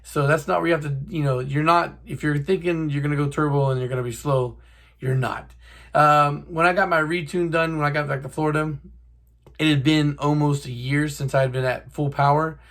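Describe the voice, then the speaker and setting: A man's voice: fairly high pitch, level tone, brisk, fairly bright tone. Young dude rambling about his car to the camera, swears a lot, loose and chatty. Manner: profane, rambling, buddy-to-buddy. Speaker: car channel host. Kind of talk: casual talk to camera.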